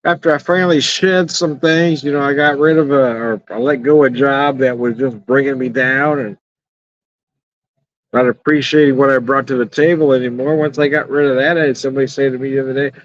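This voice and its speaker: A man's voice: mid-range voice, steady tone, a little fast, no room sound. A middle-aged man reviewing beer in a casual rambling vlog, blunt and profane, chuckling often, talking outdoors in the evening. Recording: dull, slightly lo-fi and dry.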